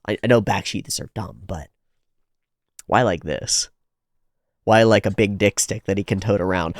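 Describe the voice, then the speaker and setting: A man with a lowish, slightly mellow voice hosts a reaction video, casually commenting on an anime episode. He's animated, swears freely, and often restarts his sentences. The sound is studio quality with no echo.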